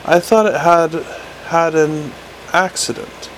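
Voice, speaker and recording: A man voicing a young female police officer who talks in a dry, gently teasing way. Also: fairly high pitch, slow, slight background noise, low-quality recording.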